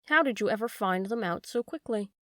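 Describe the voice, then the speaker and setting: A woman's voice: medium pitch, expressive, brisk, dry recording, studio quality, close to an everyday voice. A woman voicing a hearty country farmer who is pleased with himself, speaking boastfully in a storybook reading. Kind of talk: storybook read-aloud.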